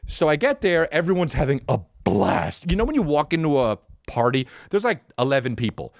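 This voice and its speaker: A man's voice: fairly high pitch, fairly quick, creaky, dry recording, clean studio sound. A man in his thirties hosting a podcast, telling a comic story with lots of swearing, acting out the people in it. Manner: profane, animated, acts out voices. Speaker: podcast host, comedian.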